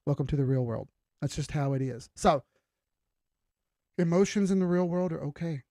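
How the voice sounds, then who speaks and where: A man's voice: fairly high pitch, normal speed, warm tone, dry recording, studio quality. A young man hosting a crypto trading livestream, giving an emphatic, preachy, blunt pep talk with casual swearing.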